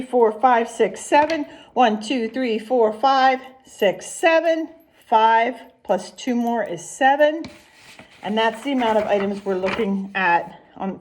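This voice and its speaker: Slow, gentle preschool teacher. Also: female voice, mid-range voice, a little hiss or hum. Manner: gentle, sing-song, lots of questions to the kids. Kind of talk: recorded lesson and read-aloud for young children.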